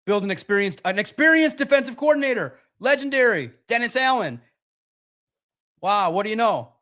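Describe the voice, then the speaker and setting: Live-stream sports host, male, slightly high voice, animated and sarcastic, reads chat aloud. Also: normal speed.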